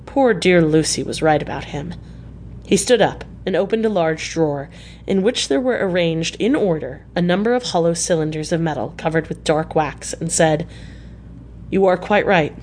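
A woman reading a classic novel aloud as scripted narration, in a measured, even way. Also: low-pitched, slight background noise. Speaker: audiobook reader.

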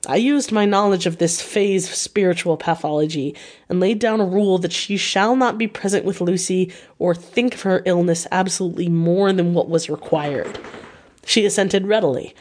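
A woman reading a classic novel aloud as an audiobook reader, in a steady, measured voice. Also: on the low side.

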